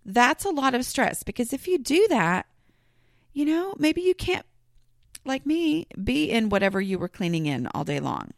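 A woman's voice: on the high side, very animated, moderate pace, gravelly, dry recording, studio quality. A woman hosting her own podcast, talking casually and rambling, with many fillers and restarts. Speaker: podcast host. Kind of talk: casual solo podcast talk.

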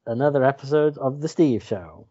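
A man's voice: mid-range voice, normal speed, mellow, breathy edge, lo-fi sound. A man co-hosting a podcast, teasing his partner dryly and steering the chat. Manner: dry, teasing, steering the talk. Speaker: podcast co-host. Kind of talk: casual podcast banter.

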